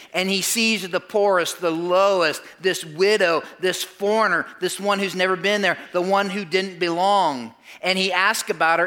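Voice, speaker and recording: A male pastor preaching a sermon with a bright, ringing voice pitched a touch high. He retells a Bible story in a lively way, breaking off to talk straight to his listeners, then sinking to a quiet hush. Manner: animated storytelling, drops to a soft hush for tender moments.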